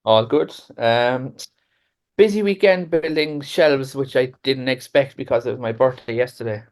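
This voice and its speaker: A man's voice: medium pitch, moderate pace. A man co-hosting a casual film podcast, answering briefly and in a laid-back way. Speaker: podcast co-host.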